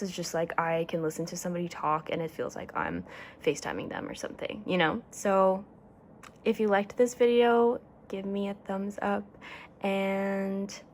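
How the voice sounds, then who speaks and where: A young woman chatting casually to camera as a vlogger, excitable and gushing, full of "like". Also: lowish voice, slight background noise.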